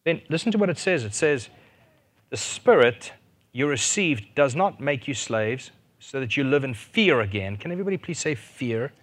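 Man, preacher, sermon, animated, loud fervent peaks, questions the audience, mid-pitched voice. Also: normal speed. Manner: asks the audience questions and jokes.

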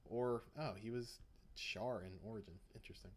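A man's voice: fairly low pitch, steady tone, moderate pace. A young man co-hosting a podcast in casual chat, rambling and laughing often. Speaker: podcast co-host.

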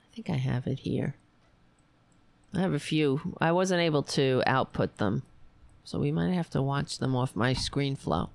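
A woman hosting a political livestream, hoarse and raspy after a long show, reading headlines and commenting in a wry, meandering way. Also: rumbling low, measured pace, a little mellow, no echo. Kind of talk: casual opinionated commentary.

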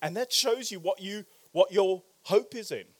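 A man preaching a sermon in a church, animated, swinging from loud exclamations to quiet, probing questions. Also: sits high, moderate pace. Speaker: pastor.

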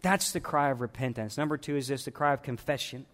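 A man preaching a sermon as pastor of his church, impassioned, swinging between hushed and loud. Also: medium pitch, fast talker. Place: church sanctuary. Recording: long reverb in a large church hall.

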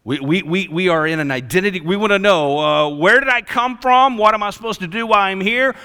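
A male pastor preaching a sermon, swinging between loud emphasis and hushed lines. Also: high voice, animated, a little fast, smooth. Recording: long reverb of a large hall.

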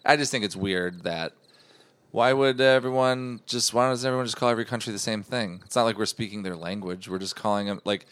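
A young man with a very low, deep voice co-hosts a casual comedy podcast. He rambles and doubles back, cutting himself off mid-thought as he chats. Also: a little fast, fairly bright tone, smooth, dry recording. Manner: rambling, meandering, self-interrupting. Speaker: podcast co-host.

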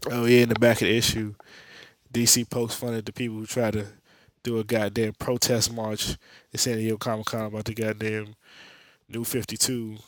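A man's voice: lowish voice, level tone, moderate pace, dry recording. A man hosting a podcast, giving a rambling, profane, slang-filled recap of a comic book. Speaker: podcast host. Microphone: podcast mic.

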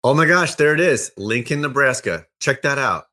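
A man hosting a casual chat, upbeat and chatty, quick to laugh. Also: medium pitch, expressive, pushed and bright. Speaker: host.

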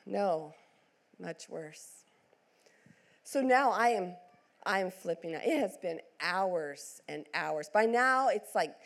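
A middle-aged woman pastor telling a personal story in a sermon, acting out the quotes with big swings in her voice. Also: mid-range voice.

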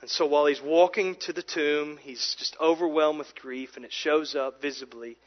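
A man preaching a sermon as pastor, swinging from loud and urgent to soft and hushed, often repeating words as he goes. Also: fairly high pitch, moderate pace, dull audio.

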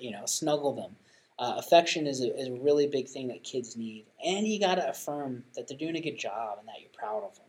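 A man in his thirties talks earnestly in a casual chat, stumbling over restarts and then pressing each point with emphasis. His voice sits at an ordinary middle pitch. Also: darkish tone, rough recording. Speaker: podcast co-host giving parenting tips.

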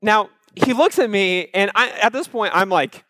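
A man with a fairly high voice tells a personal story to an audience. He is conversational and animated, slipping in fillers and asides to the crowd. The sound is dry and close, with no room echo. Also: normal speed. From Iowa, USA. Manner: animated, acts out his own childhood panic. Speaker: speaker addressing a live audience.

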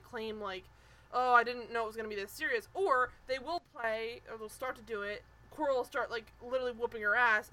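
A woman's voice: on the high side, bright, forceful tone, slight background noise, rough recording. A woman co-hosting a podcast, chatting casually and animatedly as she recaps a show, swearing and mimicking people. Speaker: podcast co-host.

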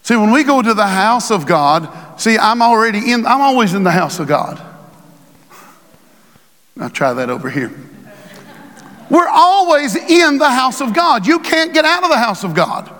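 A man preaching a sermon as pastor, building to shouted emphasis and quoting scripture. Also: sits high, very animated, normal speed, long reverb tail. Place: church sanctuary.

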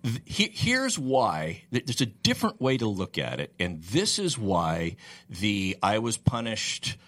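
Animated man explaining legal points. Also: fairly low pitch, measured pace. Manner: explains patiently, acts out hypothetical people. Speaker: legal commentator. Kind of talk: casual explanatory talk.

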